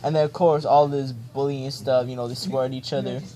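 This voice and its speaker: A young man riffing on a children's storybook in loose, slangy talk, full of joking asides. His pitch sits in the middle range. Friends chatter and laugh close by. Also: level tone, brisk. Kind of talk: comedic ad-libbed storybook reading.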